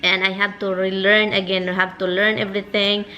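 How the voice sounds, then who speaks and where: A woman's voice: mid-range voice, level tone, a little fast, pushed and bright, soft background music. Filipino woman vlogging, rambling and frustrated. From Philippines. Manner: frustrated, rambling, repeats herself. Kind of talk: casual vlog chat.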